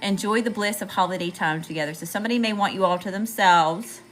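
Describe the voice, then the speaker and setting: Bright-voiced Southern woman reading tarot. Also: medium pitch, quick pace, slight background noise, rough recording. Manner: chatty, slangy, addresses viewers as y'all. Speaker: tarot reader. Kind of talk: live tarot reading to viewers.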